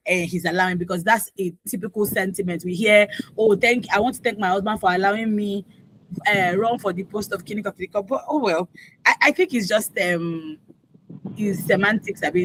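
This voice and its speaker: A woman with a Nigerian accent hosting morning radio talk, opinionated and animated, full of asides, on a studio microphone. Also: mid-range voice, a little hiss or hum, rough recording. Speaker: radio host.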